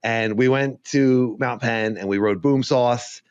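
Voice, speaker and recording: A man's voice: medium pitch, takes it slowly, darkish tone, clean tone, no room sound. Man rambling and joking in a dry, dull recording. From Arizona. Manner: rambling, joking, laughs often. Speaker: podcast co-host. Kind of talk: casual chat.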